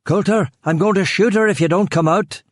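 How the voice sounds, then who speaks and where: A man's voice: mid-range voice, brisk, breathy edge, no echo, clean studio sound, close to an everyday voice. A man voicing a tense armed intruder who talks in curt, menacing bursts. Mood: yelling. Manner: terse, shouting at times.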